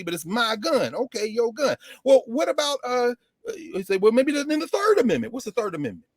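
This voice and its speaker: A man giving a civics lecture with comic asides, animated and sardonic. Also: high voice, no echo, studio quality. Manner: animated, sardonic, slips into mock voices.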